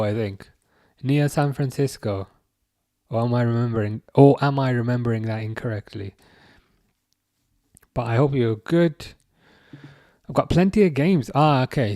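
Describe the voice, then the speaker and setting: A man's voice: mid-range voice, mellow, dry recording, studio quality. A young man hosting a live stream, reading viewer chat aloud and answering in a chatty, self-correcting way. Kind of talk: casual live chat commentary.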